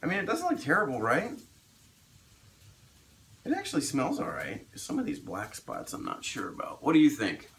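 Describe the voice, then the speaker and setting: A man's voice: mid-range voice, huge pitch swings, normal speed, creaky, pauses often, fairly bright tone, slight background noise, poor audio. A man, a doctor, chatting casually through a cooking vlog in his home kitchen, upbeat and self-deprecating. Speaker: doctor vlogging about meal prep. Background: kitchen sizzle.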